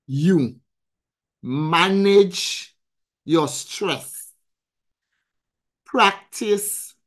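A woman hosting a weekly live coaching stream, talking in an emphatic, preacherly way, repeating phrases and answering viewers in the chat. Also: low voice. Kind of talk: motivational live-stream talk.

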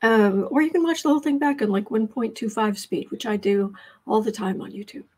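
A woman with a fairly high voice talks through her daily tarot livestream. She chats loosely and rambles, breaking off to answer people in the chat. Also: a little fast, a little mellow, husky. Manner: chatty and rambling, with asides to the chat. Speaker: livestream tarot reader and host.

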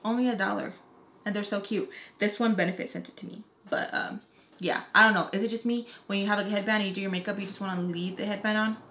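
A woman's voice: mid-range voice, steady tone, fast, a bit bright. A young woman telling a casual story in a chatty way, full of fillers, and acting out what others said. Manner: chatty, lots of "like" fillers, acts out quotes. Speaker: beauty vlogger. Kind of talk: casual story time chat. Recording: roomy echo.

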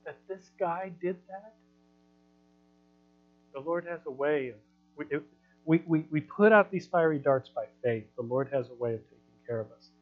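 Man preaching in a casual, lively way. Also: on the high side, normal speed, long pauses, phone-quality sound. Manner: conversational preaching with quoted asides and laughs. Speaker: pastor. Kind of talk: sermon. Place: church hall.

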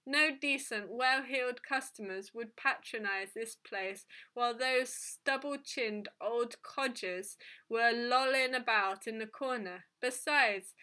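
A woman's voice: fairly high pitch, sharp tone. A woman reading a storybook aloud, voicing a grumpy, irritable middle-aged male innkeeper who snaps and defends himself. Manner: snappish and defensive.

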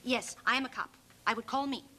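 A woman's voice: fairly high pitch, a little fast, sharp tone, a little hiss or hum. Millie, eager rookie policewoman. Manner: stiff formal phrasing, giggly. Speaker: sketch comedy performer. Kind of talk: 1970s TV sketch comedy.

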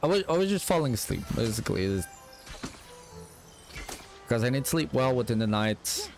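A man's voice: medium pitch, big pitch swings, moderate pace, soft background music. A sleepy, yawning man streaming a game, rambling to himself in casual gameplay commentary. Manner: rambling, talks to himself while playing. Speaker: gaming streamer.

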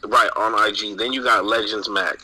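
Laid-back man with a very bright voice. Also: on the low side, fairly even intonation, normal speed, breathy edge, low-quality recording. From east side San Jose, US. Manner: laid-back slang, "you know what I'm saying". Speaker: podcast co-host. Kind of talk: casual podcast banter and sponsor reads.

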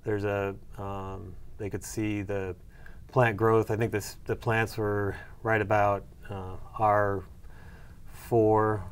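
A man's voice: fairly low pitch, level tone, slow, clear, resonant tone. A middle-aged man answering interview questions about his research, hesitant with many fillers and restarts. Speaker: soybean breeder and agronomy professor.

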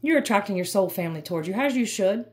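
A woman's voice: medium pitch, expressive, quick pace, a little mellow. A woman giving an emphatic, repetitive, fired-up tarot reading. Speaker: tarot reader.

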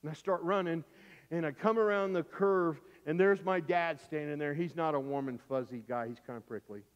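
A middle-aged male pastor preaching a sermon through a vivid personal story, swinging from loud, urgent lines to hushed ones. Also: on the high side, moderate pace, clear, resonant tone. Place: church sanctuary. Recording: dull, echoey church recording.

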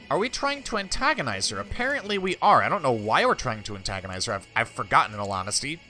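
A man's voice: on the high side, very animated, fast, bright, forceful tone, soft background music. A man hosting a let's play, reading game text aloud in a mock-regal tone between wry, offhand asides. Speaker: gaming channel host.

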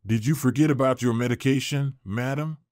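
Kind, calm young woman caregiver, read by a man, dry and close. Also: mid-range voice, brisk, no echo, lightly acted. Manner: calm, melodious.

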